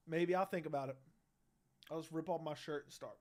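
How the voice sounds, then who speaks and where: A man's voice: on the high side, steady tone, brisk, pauses often, a little mellow, slight background noise. A brash young man hosting a casual livestream, reading chat and bantering loosely with slang and swearing into a studio mic. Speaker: livestream host. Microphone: studio dynamic mic.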